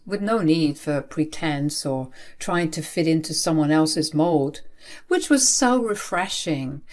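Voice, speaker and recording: A woman tells a first-person story with lots of emphasis and feeling, leaning hard on key words. Her voice sits a little low for a woman. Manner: expressive, emphatic. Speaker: narrator.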